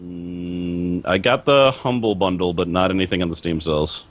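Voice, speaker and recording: A man's voice: low voice, normal speed. A man co-hosting a casual gaming podcast with a sarcastic, wry manner. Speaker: podcast co-host.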